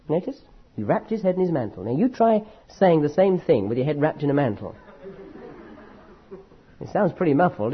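Husky male preacher, emphatic sermon. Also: fairly high pitch. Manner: emphatic, dramatic delivery, slows down to stress key words. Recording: dull lo-fi recording.

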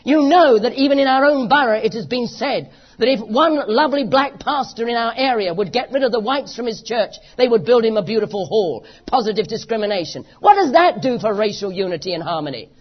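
Speaking a little fast and with few pauses, a preacher with a British accent gives an impassioned, emphatic sermon laced with repeated phrases. His medium-pitched voice is expressive, and the recording sounds dull and lo-fi.

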